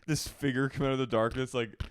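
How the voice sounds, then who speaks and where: A man co-hosting a podcast, recapping a reality show in casual chat and mimicking cast members in high, squealing voices. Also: fairly even intonation, brisk, slight background noise. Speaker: podcast co-host.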